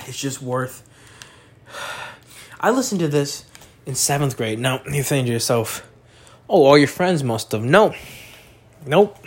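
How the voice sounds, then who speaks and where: A young man talking crudely in a rambling casual monologue, full of fillers and slang, tipsy and high.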